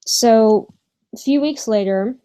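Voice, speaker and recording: A young woman telling a storytime vlog from her bedroom, hesitant with many pauses and fillers, swearing casually. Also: on the high side, dark tone, poor audio. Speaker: vlogger.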